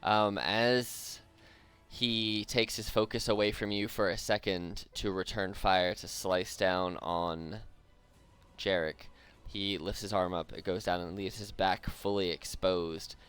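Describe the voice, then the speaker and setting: Man, young adult, dungeon master, very deep voice, smooth, laid-back narration. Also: fairly even intonation, takes it slowly, a bit bright. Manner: laid-back, chuckling, vivid combat narration. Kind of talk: narrating a tabletop game.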